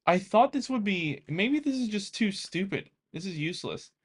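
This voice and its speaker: A young American coding vlogger mutters and thinks aloud while writing code, chatting casually with his viewers. His voice is high-pitched and sing-song, a little rough, at a moderate pace.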